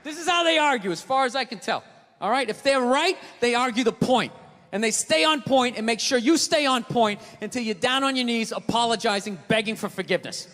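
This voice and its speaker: A man with a Boston accent doing a profane stand-up rant, bursting into shouts, on a stage mic. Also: very high-pitched, lively intonation, fairly quick. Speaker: stand-up comedian. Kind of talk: stand-up routine. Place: large theater stage with audience. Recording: live hall with crowd laughter.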